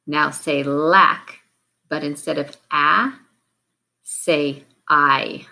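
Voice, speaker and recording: A woman teacher running a phonics drill, giving patient, clearly stretched-out word prompts. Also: low voice, sharp tone. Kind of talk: slow, deliberate classroom drill.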